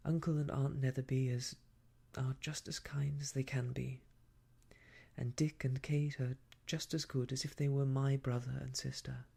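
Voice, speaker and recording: A man voicing a gentle, earnest young woman in a whispered role-play, speaking softly and sincerely. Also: medium pitch, little pitch movement, normal speed, creaky, slightly rough. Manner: soft, sincere and quiet.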